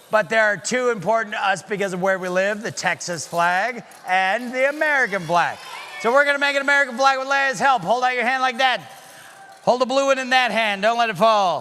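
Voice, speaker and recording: A man doing comic magic-show patter for children, playful and teasing, calling loudly out to a live audience. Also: extremely high pitch, normal speed. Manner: playful, teasing, loud, calls out to the crowd. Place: synagogue sanctuary in front of a live audience.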